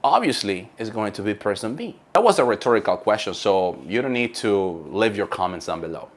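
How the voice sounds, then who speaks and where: A man's voice: fairly low pitch, big pitch swings, a little fast. A man who trains call center agents, giving an emphatic coaching lesson and repeating key points.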